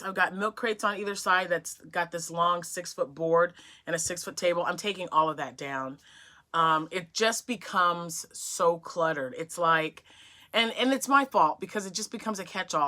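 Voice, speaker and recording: A woman with a fairly low yet bright, forward voice, chatting casually at her desk as she unboxes happy mail. She gushes with excitement and often drops to a soft whisper over the yarn. She is recorded on a phone set on a mini tripod in her home craft room. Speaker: crochet vlogger.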